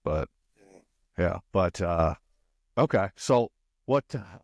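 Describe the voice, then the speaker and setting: A male podcast host with a very low voice who speaks in halting, clipped fragments. The recording is dry and close, with no reverb. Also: lively intonation, darkish tone, dull audio. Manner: halting, short broken phrases. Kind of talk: casual interview.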